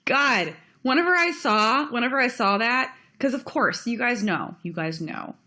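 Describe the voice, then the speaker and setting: A woman's voice: a little high, lively intonation, moderate pace, sharp tone. A young woman ranting on her own video channel, blunt and heated, swearing freely as she vents. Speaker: vlogger.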